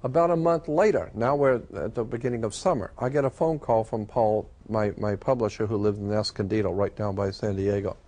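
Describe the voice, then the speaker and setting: A man telling a personal story in a casual, conversational way, pausing often with "uh" and "um". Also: fairly low pitch, dark tone. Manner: conversational, with frequent "uh" and "um" pauses. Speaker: storyteller recounting a personal experience.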